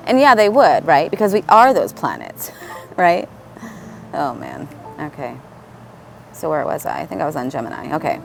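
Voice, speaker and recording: A woman's voice: sits low, sing-song, moderate pace, faint music behind. A woman talking casually in a spiritual vlog, rambling, restarting sentences and often asking "right?", at times reading horoscopes aloud. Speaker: channeler and astrology vlogger.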